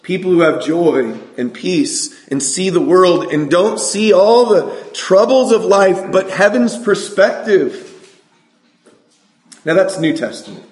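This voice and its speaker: A man from California preaching a sermon, asking the congregation questions and reciting scripture slowly. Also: high-pitched, animated, a little mellow, reverberant. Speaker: pastor.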